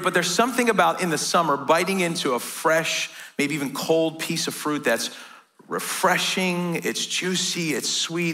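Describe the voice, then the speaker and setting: A man's voice: a little high, bright, forceful tone. A middle-aged American man, a pastor, preaching a sermon in a church in a casual, joking way and often asking "right?".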